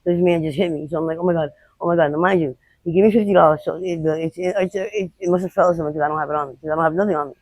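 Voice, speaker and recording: A woman interviewed outdoors on the street, recounting her experiences in a blunt, unfiltered way with halting restarts. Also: deep voice, steady tone, darkish tone, no echo, rough recording. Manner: rapid, halting retelling. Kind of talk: candid personal storytelling.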